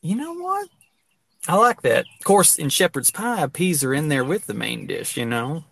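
Young man, podcast host, casual crude chat, lively swings, slightly high voice, dry close sound. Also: moderate pace, creaky, no room sound. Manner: animated, laughing, swearing freely.

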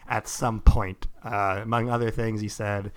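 Smooth-voiced man rambling about sports. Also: fairly low pitch, level tone, unhurried. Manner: rambling, heavy use of "like". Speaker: podcast co-host. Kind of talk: casual sports chat.

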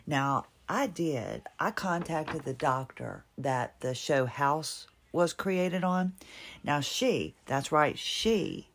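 Her voice is deep and animated, and she takes things slowly: a middle-aged podcaster from Virginia with the local accent, musing casually and wryly in a monologue while chuckling at herself.

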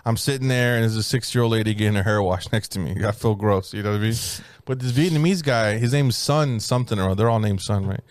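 Brief: casual male co-host, profane and animated storyteller, ordinary pitch, dry close sound. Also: fast, few pauses, dry recording. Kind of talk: casual chat.

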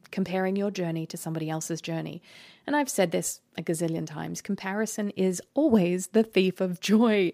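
Australian woman with a gravelly low voice. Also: darkish tone. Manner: earnest, encouraging, laughs easily. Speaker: podcast host. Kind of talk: motivational self-help talk. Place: rented holiday flat.

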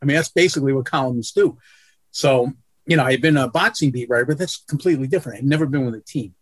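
Speaking fast in a medium-pitched voice, a sportswriter guesting on a video-call interview tells casual stories that are blunt, profane, and self-deprecating. The recording is dry.

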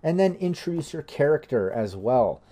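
A man's voice: fairly high pitch, big pitch swings, normal speed, mellow. A man hosting a live tabletop game stream as game master, upbeat and rambling with lots of fillers. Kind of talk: casual livestream chat.

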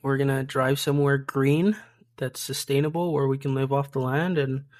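A man's voice: medium pitch, steady tone, moderate pace. A man co-hosting a casual podcast, laid-back and teasing, calling his friend dude and bud. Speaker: podcast co-host.

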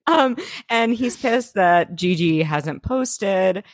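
A woman's voice: medium pitch, lively intonation, slow, dry recording, studio quality. A young woman co-hosting a podcast, giggly and profane as she recaps a TV episode in casual chat. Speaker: podcast co-host.

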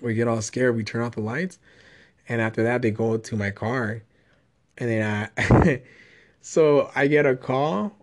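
A man's voice: mid-range voice, measured pace. A young man tells a rambling story over casual chat, cursing freely. His voice sits in a plain middle register, and he keeps the tale moving with restless energy. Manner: profane, rambling, animated storytelling.

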